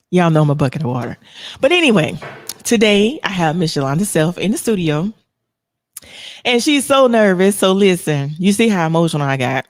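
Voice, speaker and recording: A woman hosts a live podcast in a casual, chatty way. Her voice sits a little low and sounds dry and close to the mic. She talks expressively and gets emotional easily. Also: dry recording. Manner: emotional, expressive, laughs often. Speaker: podcast host.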